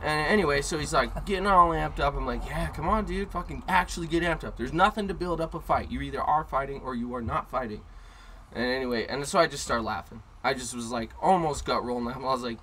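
A man's voice: a little high, a little fast, bright, forceful tone, slight background noise, low-quality recording. Brash, profane man telling a story. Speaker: podcast co-host. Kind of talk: casual storytelling chat. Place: inside a car.

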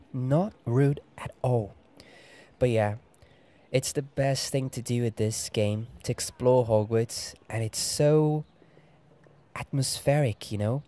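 A young man hosting soft-spoken game commentary, talking gently and relaxed with chuckling asides. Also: mid-range voice. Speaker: gameplay host.

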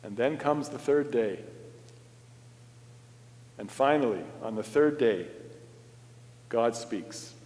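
Slow-preaching pastor in a reverberant church. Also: male voice, mid-range voice, lively intonation, a little mellow. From Canada. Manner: slow, dramatic preaching with wide swings in volume. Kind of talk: sermon. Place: church sanctuary.

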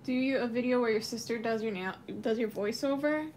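A young woman chatting casually while doing her nails on a live stream. Her voice sits a little high, and she laughs easily between remarks. A faint hiss runs under the room sound. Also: brisk, a little mellow. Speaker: nail artist streamer.

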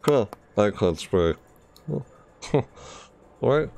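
A man's voice: sits low, slow pace, vocal fry, long pauses, mellow, soft background music. A tired man streaming a video game, mumbling and rambling to himself in casual commentary. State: tired, yawning.

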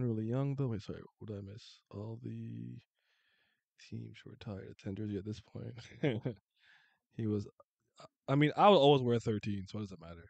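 A man hosting a casual sports chat, blunt and animated, swearing freely and restarting his sentences. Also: lowish voice, vocal fry, dry recording, lo-fi sound.

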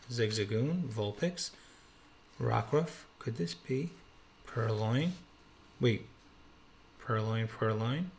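A man's voice: medium pitch, gravelly, slight background noise. Thrilled man opening trading cards. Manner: thrilled, exclamatory, calls out cards. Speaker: card-opening YouTuber. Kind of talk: excited pack-opening vlog. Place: home, quiet room.

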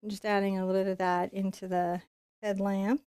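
A woman teaching a live-streamed painting lesson, chatty and playful, going quiet while she concentrates. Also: medium pitch, level tone, a little fast, smooth, dry recording, studio quality. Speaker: painting instructor.

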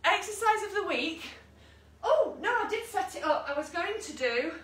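A woman with a very high-pitched, slightly bright voice and lively intonation speaks at a moderate pace. She's a fitness instructor leading an online class from home, near a dog, offering encouraging cues, countdowns, and chatty asides. Her voice comes from a distance in an echoey room, with faint noise.

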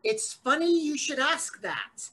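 A man's voice: very high-pitched, very animated, measured pace, pushed and bright, rough recording. A man performing an improvised comedy scene as a pushy, playful casting director.

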